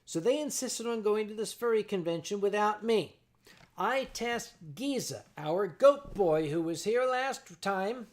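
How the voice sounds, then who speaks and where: A man hosting a livestream, telling a story to his chat in a sardonic, animated way and acting out his own shouting. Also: high voice, measured pace. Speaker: livestream host.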